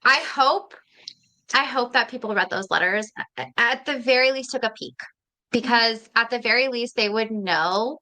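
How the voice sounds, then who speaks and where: A woman hosting a podcast, her voice bright and slightly high. She reacts in a blunt, emphatic way and swears freely in casual chat. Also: normal speed. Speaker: podcast host.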